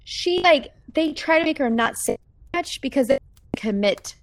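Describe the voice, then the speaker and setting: Lively chatty woman, dry close sound. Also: sits high, a little slow, no echo. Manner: animated, acts out quotes, chatty. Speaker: podcast co-host. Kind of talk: casual chat about a movie.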